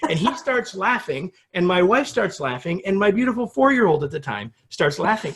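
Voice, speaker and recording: A middle-aged American man tells a story as an interview guest, his voice sitting a touch high for a man. He livens it with acted-out quotes, his pitch jumping as he plays the characters in his story. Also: brisk, few pauses. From United States. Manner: animated storyteller, acts out quotes with rising pitch.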